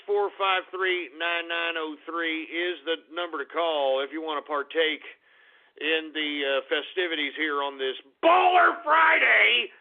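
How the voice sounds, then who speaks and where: Male radio host, higher voice, winded and cursing, angry flare-ups between mumbled asides; narrow phone-like sound. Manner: swearing, agitated, ranting bursts then muttering. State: winded, lightheaded. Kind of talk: call-in radio talk. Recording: tinny phone-like call-in audio.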